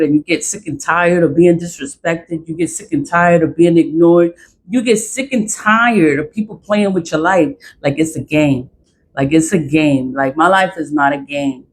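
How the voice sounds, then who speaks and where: A woman's voice: on the low side, a little hiss or hum, rough recording. Exasperated woman ranting. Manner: profane, exasperated and repetitive. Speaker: vlogger. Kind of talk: angry ranting vlog.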